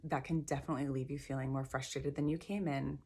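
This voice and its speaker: A middle-aged woman leading a guided tapping session, gentle and encouraging, repeating phrases slowly. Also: very deep voice, steady tone, slightly rough. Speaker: tapping practitioner.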